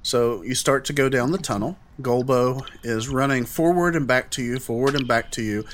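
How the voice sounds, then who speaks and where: A man's voice: mid-range voice, moderate pace, slight background noise. A man narrating as game master in a loose, rambling way with many fillers.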